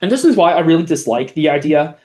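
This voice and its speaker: A man's voice: fairly high pitch, lively intonation, fast, dark tone. A young man hosting a podcast, casually reading a post aloud and picking it apart in a blunt, sarcastic way, swearing freely. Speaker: podcast host, LSAT tutor.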